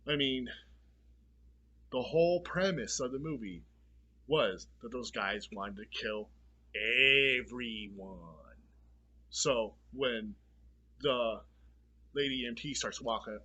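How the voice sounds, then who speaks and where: Man, movie reviewer, bright edgy tone with a husky rasp; blunt, profane, fed-up rant. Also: mid-range voice. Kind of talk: casual ranting review.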